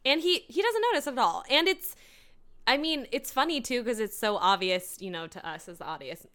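A woman co-hosting a casual chat about a TV episode, animated and laughing often as she acts out quotes. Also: fairly high pitch, brisk. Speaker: podcast co-host. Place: New York.

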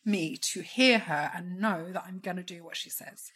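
Husky, low-voiced woman guest. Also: normal speed, fairly bright tone. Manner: reflective, storytelling. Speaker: podcast guest. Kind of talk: casual conversation.

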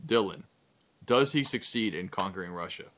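A man hosting a casual podcast, retelling history with crude jokes and quick acted-out asides. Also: low voice, animated, a bit bright. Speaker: podcast host. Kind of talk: casual comedic history chat.

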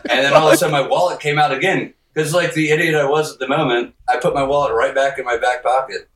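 A man's voice: medium pitch, fairly even intonation, fast talker, a bit bright, echoey room, recorded from a distance, low-quality recording. A man on a podcast telling a rambling, profane story, laughing often and acting out the quotes. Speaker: podcast guest. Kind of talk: casual storytelling.

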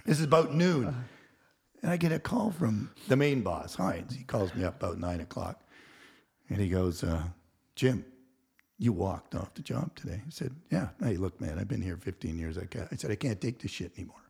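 A man in his sixties with a rough, gravelly voice sits in on a podcast as a guest and tells a story from his working years. His pitch sits low but swings widely as he acts out the people he quotes, and he swears freely along the way. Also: lively intonation, fairly quick, a little mellow. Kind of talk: storytelling in casual chat.

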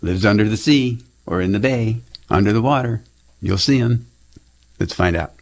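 A man's voice: on the low side, moderate pace. A man hosting a children's radio show, talking playfully and chuckling as he rambles. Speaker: radio host. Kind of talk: casual children's radio chat.

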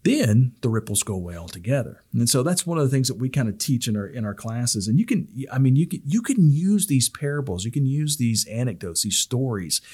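A man's voice: medium pitch, sing-song, fairly quick, hardly any pauses, darkish tone, husky. A middle-aged man hosting a podcast on public speaking, talking in a rambling, casual way full of restarts and fillers.

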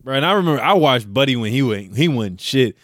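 A man's voice: mid-range voice, lively intonation, fast, no echo, studio quality. A man co-hosting a casual podcast chat, telling stories in a laid-back, slangy way. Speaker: podcast co-host.

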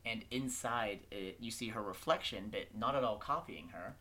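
A woman's voice: extremely low pitch, moderate pace, pushed and bright. A woman running a tabletop game as game master, narrating in a loose, chatty way with many fillers and self-corrections.

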